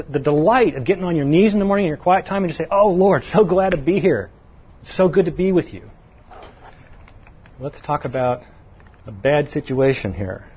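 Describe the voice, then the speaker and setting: A man's voice: medium pitch, highs cut off, a little hiss or hum. A middle-aged man giving a conversational sermon in a folksy way, asking the audience questions and lifting his voice to stress points. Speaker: preacher.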